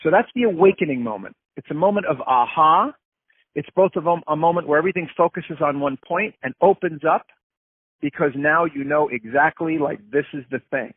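A man's voice: fairly high pitch, a little fast, slightly rough, dry recording. A man as an interview guest, explaining ideas through acted-out everyday examples. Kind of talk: casual interview talk. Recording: tinny phone-line sound.

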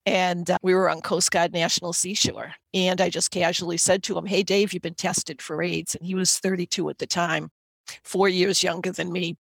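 A woman's voice: on the low side, flat delivery, moderate pace, creaky, no room sound. A middle-aged woman with a Boston accent, telling a personal story earnestly as a podcast guest.

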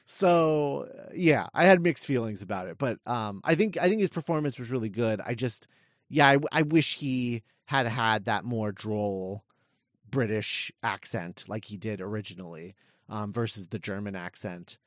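A man's voice: on the low side, moderate pace, no room sound, studio quality. A male podcast co-host chatting casually about a TV episode, laughing often and using many fillers. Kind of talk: casual chat.

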